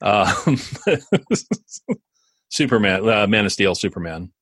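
This man's voice is low-ish, sing-song, a bit bright and slightly rough, and he speaks slowly. Co-hosting a podcast, he chats casually and rambles, full of fillers and restarts. It's a studio-quality recording with no room sound.

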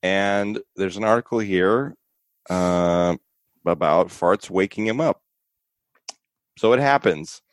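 A man's voice: low voice, slow, pauses often, no room sound. A man co-hosting a podcast in casual chat, joking and teasing with frequent laughs. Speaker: podcast co-host.

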